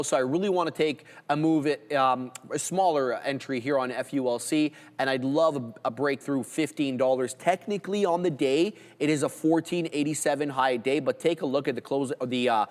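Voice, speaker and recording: A man co-hosting a live trading stream, calling prices and chart levels in casual, excited commentary. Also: mid-range voice, in a large hall. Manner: excited, rapid ticker and price call-outs.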